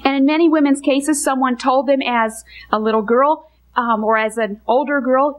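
Woman, Bible teacher, bright high voice, earnest sermon delivery with weighty pauses. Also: fairly even intonation. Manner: earnest, emphatic, slows on key phrases. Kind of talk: teaching message to women.

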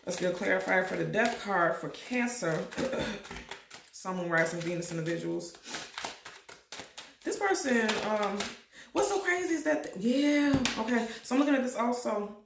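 A woman giving a casual tarot reading to her viewers, talking emphatically and repeating herself, and she keeps coughing and clearing her throat. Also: medium pitch, expressive, moderate pace, long pauses, reverberant, background noise. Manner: repetitive, emphatic, addresses viewers directly. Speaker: tarot reader.

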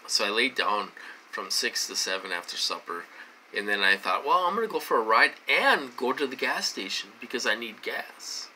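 An American vlogger rants into the camera, expressive and agitated at a moderate pace, repeating words and swearing. The tone is sharply bright and piercing, with pitch leaping higher as indignation and frustration build, over a faint hum of room ambience.

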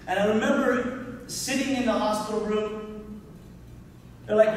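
High-voiced man preaching in an echoey hall. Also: fairly even intonation, a little slow, long pauses, recorded from a distance, a little hiss or hum. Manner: conversational preaching, acts out his own prayers. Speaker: pastor. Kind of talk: sermon. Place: church hall. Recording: echoey hall recorded from afar.

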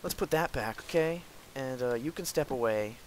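A young man hosting a gameplay video, excitedly commenting on his own play, talking to his enemies and breaking into outbursts and laughs. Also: medium pitch, normal speed, a little hiss or hum, rough recording. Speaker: gaming video host.

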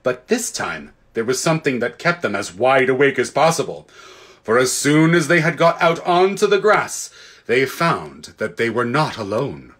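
A man reading a children's fantasy book aloud in an expressive, lively way, with casual asides to listeners. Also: medium pitch, normal speed. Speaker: audiobook reader. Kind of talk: storybook read-aloud.

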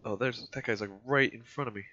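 Playful gamer man, bright and animated, dull lo-fi mic. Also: medium pitch, fast, slight background noise. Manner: joking, laughing banter. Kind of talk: casual gameplay chat.

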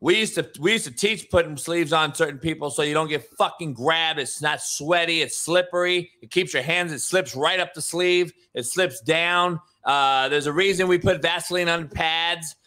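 A man's voice: on the high side, moderate pace, few pauses, bright, forceful tone. A man hosting a sports podcast, brash and combative with heavy profanity. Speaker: host. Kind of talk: casual podcast debate.

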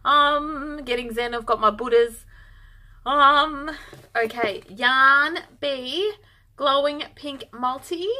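A woman's voice: high voice, bright, forceful tone. Bubbly, gushing woman unboxing yarn. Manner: bubbly, gushing, easily overexcited. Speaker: yarn vlogger. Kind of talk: casual unboxing chat.

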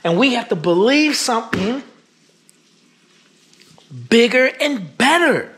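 A very high, husky male voice with lively intonation talks slowly to camera. The vlogger is earnest and emphatic in this reflective personal video, using casual slang while music plays loudly in the background.

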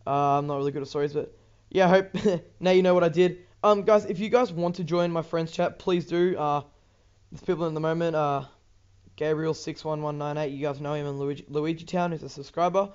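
A man's voice: fairly high pitch, fairly even intonation, a little fast, a little mellow, clear, resonant tone, lo-fi sound. A teenage boy with an Australian accent, rambling casually over gameplay with lots of ums, restarts and swearing. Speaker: gaming YouTuber.

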